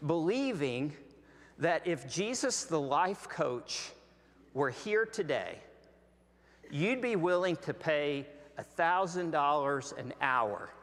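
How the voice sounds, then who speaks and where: Slow-preaching Southern pastor in a church. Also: male voice, on the high side, fairly bright tone. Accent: Southern American. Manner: slow, deliberate preaching with long pauses. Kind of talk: sermon. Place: large church sanctuary. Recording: long hall reverb.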